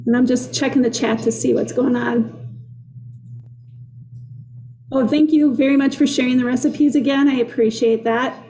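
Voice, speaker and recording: A woman's voice: sits high, steady tone, moderate pace, pauses often, dark tone, reverberant, faint music behind. A woman with a Minnesota accent teaching a live online cooking class from her kitchen, chatty and upbeat as she greets viewers. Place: kitchen workspace.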